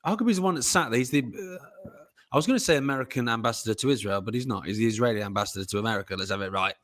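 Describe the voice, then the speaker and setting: A man's voice: mid-range voice, racing, fairly bright tone. A man co-hosting a podcast, blunt and mocking, who swears in casual chat. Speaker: podcast co-host.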